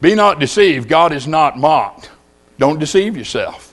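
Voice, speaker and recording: A man's voice: fairly high pitch, lively intonation, unhurried. A middle-aged man preaching a sermon, telling folksy stories and putting questions to the congregation.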